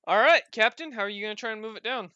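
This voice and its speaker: A man's voice: high-pitched, rapid-fire, pushed and bright, clean tone, no room sound. A man narrating as game master of a tabletop game, bantering playfully with his players. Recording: dull lo-fi recording.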